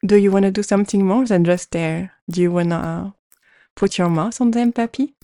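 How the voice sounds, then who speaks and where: A young woman performing an adult audio role-play in a dominant, teasing voice with breathy murmurs, close to the mic. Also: mid-range voice, moderate pace, mellow, no room sound.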